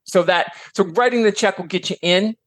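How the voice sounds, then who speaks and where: A middle-aged man from Michigan chatting as a podcast guest, animated and filler-heavy, slipping into voices for quotes. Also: sits high, moderate pace, no room sound. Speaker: podcast guest, author and educator. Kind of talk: casual chat.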